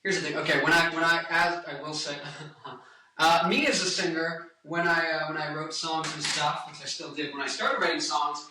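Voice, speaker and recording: A man's voice: on the high side, fairly even intonation, normal speed, far from the mic, background noise. A man in his twenties, a singer and guitarist, chatting to camera in a rambling, self-interrupting, joking way. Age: 20s. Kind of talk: casual chat to camera. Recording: echoey room, away from mic, faint music.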